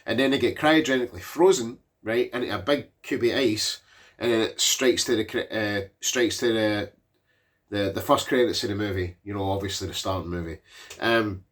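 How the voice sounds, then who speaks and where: A man's voice: on the low side, moderate pace. A man in his forties giving a casual, rambling film recap, swearing freely and leaning on fillers. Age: 40s. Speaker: movie reviewer.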